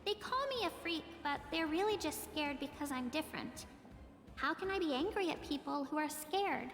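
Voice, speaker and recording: A shy, high-voiced young outsider. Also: female voice, lively intonation, moderate pace, fairly bright tone, soft background music. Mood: hurt. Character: shy young woman outsider, gentle and hurt. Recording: echoey reverberant game audio.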